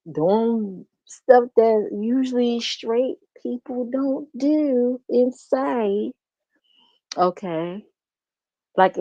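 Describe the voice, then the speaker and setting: Slow, blunt, mocking woman streamer. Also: medium pitch, darkish tone, no echo. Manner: blunt, mocking, laughs often. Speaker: reaction streamer. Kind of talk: profane gossip commentary. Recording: dull muffled stream audio.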